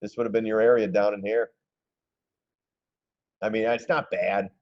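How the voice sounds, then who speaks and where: A man hosting a casual live stream, commenting on stock charts in an excitable, gleeful way and often clearing his throat. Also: on the low side, normal speed, dull audio. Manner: excitable, gleeful when shorts pay off, throws in mocking voices.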